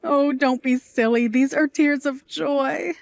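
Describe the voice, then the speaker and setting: A woman's voice: high-pitched, fairly even intonation, slow, gravelly, full character voice. A woman playing gushing, dramatic Aunt Tessa. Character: glamorous middle-aged aunt who works nights at a bar, doting, theatrical. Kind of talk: audio drama acting.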